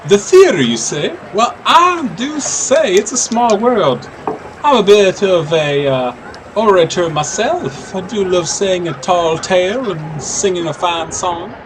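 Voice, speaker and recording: A man's voice: sits high, very animated, unhurried, noisy background, voice pushed up. A man putting on a drawling Southern cat lady. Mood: sociable. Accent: American Southern drawl, put on. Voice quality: drawling, folksy. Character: chatty Southern cat-folk woman, hospitable. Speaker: player. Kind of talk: tabletop role-play voice.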